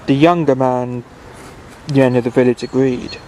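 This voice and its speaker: A man reading a bedtime story aloud at an unhurried, halting pace, often restarting his phrases. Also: mid-range voice, steady tone, a little mellow, slight background noise, low-quality recording.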